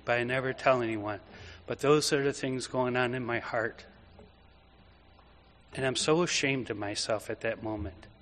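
Priest preaching in a church, bright slightly high voice, long echo, storytelling. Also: male voice. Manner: vivid storytelling turning quiet and reflective. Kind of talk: homily. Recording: echoey church reverb.

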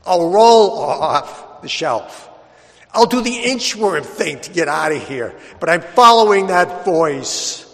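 A man's voice: sits high, animated, slow pace, fairly bright tone, pitched above the performer's own voice, exaggerated voice. A preacher voicing Lazarus as a dead man in a tomb, first whining to be freed, then set on following the voice that calls him. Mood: determined. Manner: whiny and pleading, then stubbornly determined. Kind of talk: preacher acting out a character in a homily. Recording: long church reverb.

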